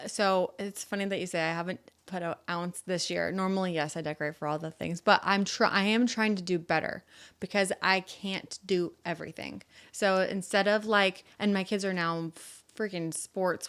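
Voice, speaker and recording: Smooth-voiced woman, candid guest. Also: on the low side, fairly even intonation, normal speed, fairly bright tone. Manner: candid, self-reflective, filler-heavy. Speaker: podcast guest. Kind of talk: casual chat.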